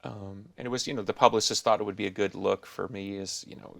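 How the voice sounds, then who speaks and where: A man's voice: fairly low pitch, fairly even intonation, fast, gravelly, no room sound. A middle-aged man hosting a podcast, talking in a thoughtful, rambling, musing way. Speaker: podcast host. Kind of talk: casual interview chat.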